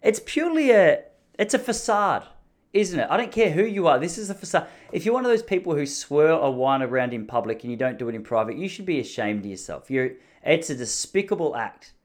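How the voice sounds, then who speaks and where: A young Australian man, a podcast host, telling a comedic story in an animated, ranting, self-mocking way. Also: on the high side, fairly quick.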